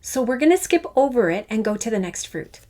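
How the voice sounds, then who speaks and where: Lively, upbeat woman music teacher. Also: fairly high pitch, a little fast. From Canada. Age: middle-aged. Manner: enthusiastic, playful, speaks to children. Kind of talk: upbeat online music lesson.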